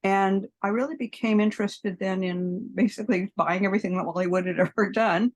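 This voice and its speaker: A woman in her seventies, appearing as a podcast guest, spins long, rambling anecdotes in an interview, acting out the people involved and laughing often. Her voice is mid-range and steady in tone, and she talks briskly.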